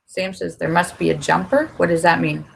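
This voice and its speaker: A woman's voice: on the low side, brisk, gravelly, slightly rough. A middle-aged woman chatting on her livestream, telling a story and acting out what people said. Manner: chatty storytelling, animated when quoting people. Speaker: livestream host. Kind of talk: casual livestream chat. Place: her home in Los Angeles.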